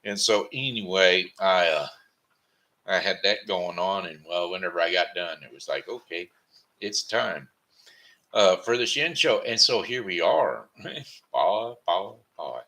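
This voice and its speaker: A man's voice: deep voice, lively intonation, a little slow, pushed and bright. A tired man hosting his own daily broadcast from home, rambling, repeating words and correcting himself. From Missouri, United States. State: tired, sleepy. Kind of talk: rambling casual monologue.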